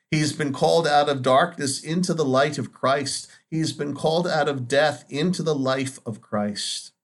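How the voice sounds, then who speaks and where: A man speaking as a Catholic priest, giving a Sunday homily in an earnest, measured way with dramatic pauses. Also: medium pitch.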